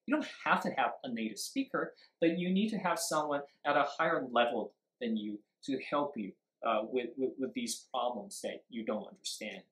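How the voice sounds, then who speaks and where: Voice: medium pitch, normal speed, hardly any pauses, a bit bright. Emphatic teacher explaining intonation in a roomy echo. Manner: emphatic, demonstrates stress and intonation with examples; switches briefly into Mandarin to explain. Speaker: English speaking teacher. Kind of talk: live-streamed speaking lesson.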